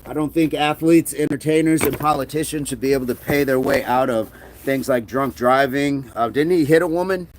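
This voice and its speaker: A man's voice: medium pitch, normal speed. A middle-aged man talks casually on a livestream, reading out viewer comments as he goes. His manner is loose and joking, and he keeps dropping into a mock movie-gangster voice for a punchline. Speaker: livestream host.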